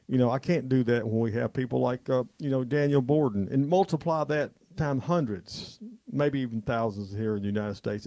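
A male show host giving a rambling, fervent monologue to his listeners, halting and stammering often. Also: mid-range voice, creaky, dark tone, no echo.

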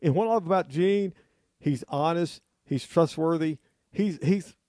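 An older man hosts a radio show in loose, rambling chat, with frequent laughs. His voice sits a little high. The studio sound is dry and close. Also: a little slow, dark tone, no echo. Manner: folksy, rambling, laughs often. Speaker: radio host.

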